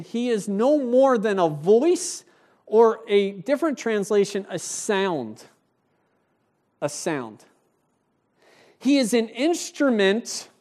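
A male pastor preaching a sermon in a church, animated and conversational, speaking directly to the congregation. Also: high voice.

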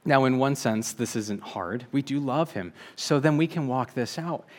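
A man delivering a sermon at a mid pitch, earnest and steady. He slows to lean on key phrases and keeps a calm, measured pace. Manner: earnest, measured preaching with slow emphatic phrases. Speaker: preacher.

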